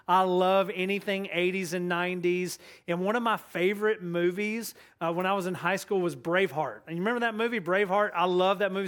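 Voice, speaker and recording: A man's voice: high-pitched, a bit bright. A man preaching a sermon as guest pastor, earnest and eager, often restarting his sentences. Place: church sanctuary.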